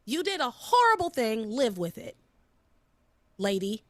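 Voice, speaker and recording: A woman's voice: on the high side, unhurried, dry recording. A woman hosting a podcast, chatting casually and emphatically while recapping a soap opera. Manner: animated, emphatic, drawls for effect. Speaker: podcast host.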